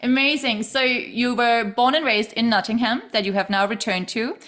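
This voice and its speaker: A woman's voice: fairly high pitch, a bit bright. A woman hosting a casual studio interview, gushing and enthusiastic with her guest. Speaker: podcast host.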